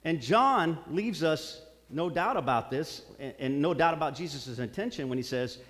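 A man's voice: fairly high pitch, animated, normal speed, fairly bright tone. A man preaching a sermon, earnest, repeating phrases for emphasis. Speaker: pastor. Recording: long hall reverb.

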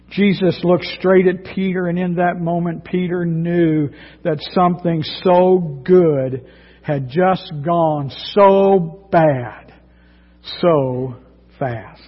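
Slow, husky-voiced preacher. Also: male voice, sits high. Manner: dramatic, swings from loud to hushed. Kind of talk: sermon. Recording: dull sound with long hall reverb.

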